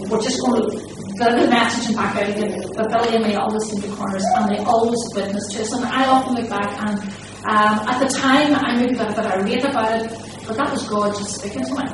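An older woman, giving her personal testimony in a gentle, hesitant way, with fillers and soft laughs. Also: mid-range voice. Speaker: pastor's wife. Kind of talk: personal testimony before a congregation. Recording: echoey hall, distant mic, steady noise.

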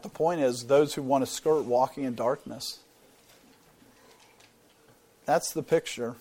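A man's voice: mid-range voice, darkish tone. Earnest man teaching a Bible sermon. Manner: earnest, explanatory, repeats words while thinking. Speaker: preacher.

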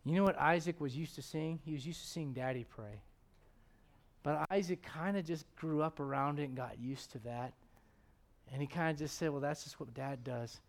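Animated preacher, loud then hushed. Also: male voice, a little high, moderate pace. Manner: animated, swings from loud exclamations to hushed tones; acts out voices in his stories, chuckles often. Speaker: pastor. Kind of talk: sermon.

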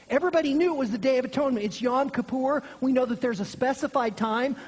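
Husky preacher going verse by verse, gets low and hushed to make a point, long hall echo. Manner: earnest, drops low and quiet for emphasis. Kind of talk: expository sermon.

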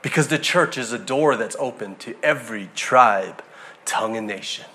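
A middle-aged man preaching a sermon, telling a personal story in a conversational, animated way with frequent restarts. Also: mid-range voice, normal speed. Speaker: pastor.

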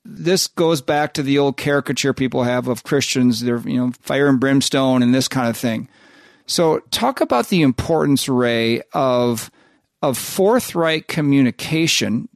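A man hosting a radio interview, speaking in a measured way as he reads book passages and order details. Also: medium pitch, expressive, creaky, dry recording, clean studio sound. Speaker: radio host.

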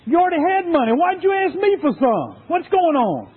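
A man's voice: extremely high pitch, wildly swooping pitch, moderate pace, voice pushed up, heavily acted. A man preaching voices a tired, irritated father who snaps at his young son. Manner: snapping, exasperated. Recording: tinny phone-like sound.

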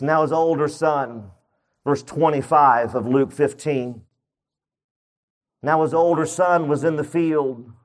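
A male pastor with a notably high voice preaches, retelling a parable and slipping into the voices of its characters. He delivers it as a lively sermon. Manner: acts out the story's voices with rising excitement.

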